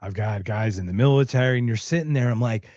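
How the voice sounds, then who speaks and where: A man hosting a podcast, chatting casually in an animated way, often laughing and swearing offhandedly. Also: mid-range voice, quick pace, no room sound. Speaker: podcast host. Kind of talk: casual chat. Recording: dull lo-fi remote audio.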